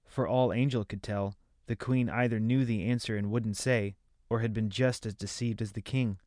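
A man reading a fantasy novel aloud as narrator, in measured storytelling. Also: fairly low pitch, fairly even intonation, darkish tone, no echo, studio quality. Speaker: audiobook narrator.

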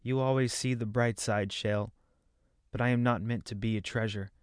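A man's voice: mid-range voice, fairly even intonation, normal speed, smooth, dry recording, studio quality, natural voice. A man voicing a defiant, distressed young princess in a raised, pleading voice. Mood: despairing.

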